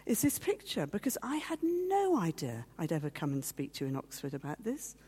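A woman speaks to a gathering in a personal testimony, her voice low and mellow. She tells her story with feeling and slips into the voices of the people in it. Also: wildly swooping pitch, brisk, hardly any pauses, slightly rough. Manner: storytelling, acting out quoted voices; heartfelt, at times teary. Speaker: guest speaker. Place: meeting hall.

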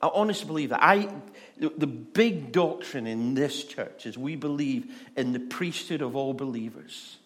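A man's voice: mid-range voice, normal speed, hardly any pauses. A male pastor giving a conversational, humorous sermon, often stammering and restarting.

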